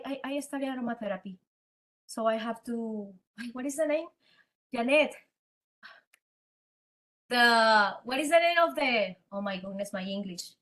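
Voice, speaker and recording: A woman with a Spanish accent, a native Spanish speaker, telling her story as a guest in a podcast interview in an animated, dramatic way. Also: high voice. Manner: animated, dramatic, acts out quoted dialogue. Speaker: guest entrepreneur.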